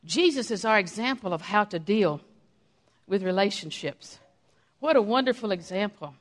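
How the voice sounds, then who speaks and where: A middle-aged woman preaching a sermon with a chatty, storytelling manner. She slips into acted-out bits of her own past talk, then returns to plain teaching. Her pitch sits in a medium range. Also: animated, normal speed. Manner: conversational preaching with acted-out quotes of herself.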